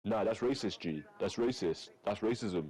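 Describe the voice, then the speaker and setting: A man streaming and bantering with friends over voice chat, loud, crude and full of teasing slang. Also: on the low side, moderate pace, slightly rough, rough recording.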